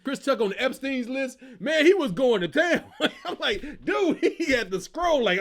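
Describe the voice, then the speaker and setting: A man hosting his own comedy show, giving casual, animated commentary and telling stories, laughing and slipping into character voices. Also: very high voice, normal speed, hardly any pauses.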